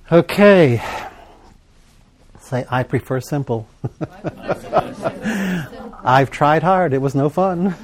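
A man preaching a sermon, leading his congregation in call-and-response and slowing down for emphasis. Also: fairly high pitch, darkish tone. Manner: call-and-response, prompting the congregation to fill in words; emphatic, with slow deliberate stretches.

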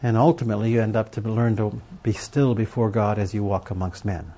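A man's voice: fairly low pitch, steady tone, brisk, dark tone. A middle-aged man giving a sermon to a live audience, telling stories and asking rhetorical questions in a conversational way. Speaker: preacher teaching on prayer and journaling.

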